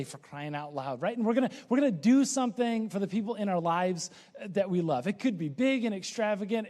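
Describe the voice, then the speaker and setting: A man's voice: high-pitched, a little mellow, big-room sound. A man preaching a sermon as a pastor, in a casual, conversational and joking way.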